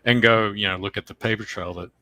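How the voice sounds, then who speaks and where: A male podcast co-host rants animatedly in casual chat, swearing a lot and jumping into mocking high voices when quoting people. He talks at a quick pace, with slight background noise.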